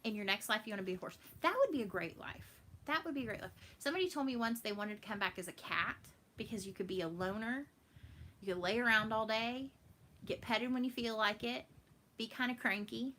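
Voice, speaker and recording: Texan woman host, bright, slightly high, chatty and laughing with viewers, faint room noise. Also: fairly quick. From Texas. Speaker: flosstube host. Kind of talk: casual live chat.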